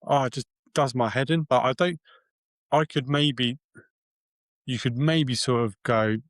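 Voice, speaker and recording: A man's voice: medium pitch, a little slow, no room sound. A man co-hosting a casual podcast, chatting in an easygoing way with many fillers. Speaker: podcast co-host. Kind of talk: casual chat.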